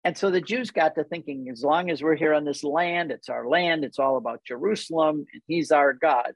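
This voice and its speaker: Animated older man with a gravelly voice. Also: on the high side, moderate pace, no room sound, rough recording. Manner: animated storyteller, rhetorical questions. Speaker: guest. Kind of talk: casual Bible teaching in conversation.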